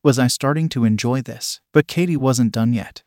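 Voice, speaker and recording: A man narrating a first-person story in a steady, matter-of-fact reading voice. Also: medium pitch, moderate pace, no room sound, studio quality.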